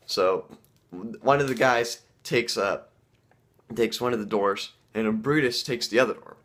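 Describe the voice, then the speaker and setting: Halting man telling a story. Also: lowish voice, a bit bright. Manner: halting, full of fillers and restarts. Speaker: vlogger. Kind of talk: casual storytelling.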